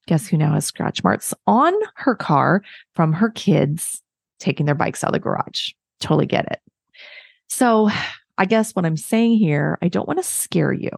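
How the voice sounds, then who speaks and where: A woman in her thirties hosts a podcast solo, chatting candidly and self-mockingly as she gives advice to fellow parents. Her voice is on the low side, creaky and darkish, recorded with studio quality and no room sound.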